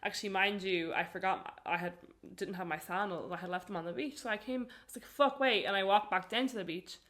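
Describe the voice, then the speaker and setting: A woman's voice: medium pitch, brisk, fairly bright tone. A young English woman co-hosting a podcast, telling a travel story in a chatty way, swearing casually and laughing often. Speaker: podcast co-host.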